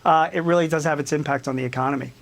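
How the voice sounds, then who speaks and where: A man speaking as a business commentator and guest on a TV news interview, animated and emphatic, with many fillers. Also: a little high, very fast.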